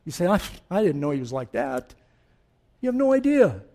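A pastor from the Middle East preaching a sermon in a church, impassioned and direct with his congregation, dropping to a hush and rising loud again. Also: a little high, big pitch swings, normal speed. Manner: impassioned, shifts from hushed to loud; direct, talks straight to the congregation.

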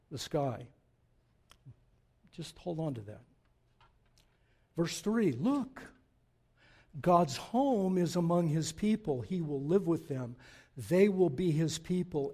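A man in his sixties preaching a sermon, swinging between loud emphatic declarations and quiet, reflective asides. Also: fairly high pitch. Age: 60s. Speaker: pastor.

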